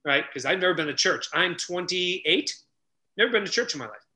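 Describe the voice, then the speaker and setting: An energetic middle-aged man telling stories as a podcast guest, acting out the people he quotes. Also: high-pitched, brisk. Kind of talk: animated storytelling.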